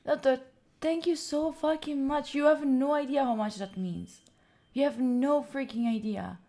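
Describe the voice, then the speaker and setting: Young woman streamer from italy, kinda high voice, choked up thanking chat, swears a lot. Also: measured pace, mellow. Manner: emotional, thanking viewers, swearing, near tears. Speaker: study livestream host. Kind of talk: casual livestream chat.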